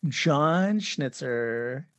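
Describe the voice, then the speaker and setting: A man's voice: medium pitch, lively intonation, drawn-out words, no room sound. A man in his forties, a guest filmmaker on a casual podcast chat, telling stories with animation, acting out quotes and laughing often. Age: 40s.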